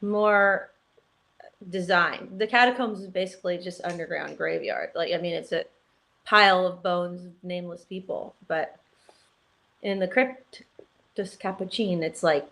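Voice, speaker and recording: A woman's voice: fairly low pitch, fairly even intonation, a little slow, creaky, a bit bright. Woman, chatty, enthusiastic, casual chat, co-host. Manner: chatty, enthusiastic, says "like" a lot.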